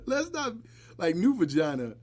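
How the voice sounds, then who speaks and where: A married adult man with a high voice hosts a live podcast at a moderate pace. His talk is casual and blunt, sprinkled with jokes, and his storytelling is animated.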